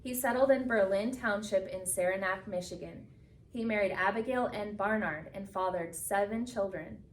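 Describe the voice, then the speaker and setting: A woman reading a picture book aloud with expressive storytelling, slowing down for the solemn moments. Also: medium pitch, slight background noise. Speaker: reader. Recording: echoey room from a distance.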